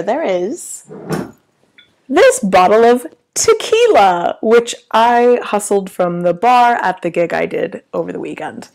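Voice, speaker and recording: A woman hosting a casual livestream from a small hotel room, with a low gravelly voice and a theatrical, chatty manner that slips into swearing. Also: a little mellow. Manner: theatrical, grand greetings, then chatty with swearing. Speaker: livestream host.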